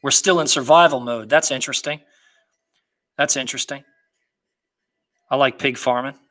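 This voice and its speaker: A man's voice: mid-range voice, moderate pace, fairly bright tone. A man hosting a casual livestream, hyped and boastful, talking in slang and answering viewer comments.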